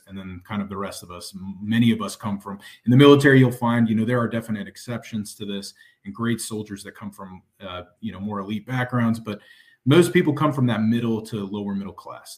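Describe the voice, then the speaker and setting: A man, a military veteran, talking casually on a podcast in an earnest, measured way. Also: on the low side, darkish tone.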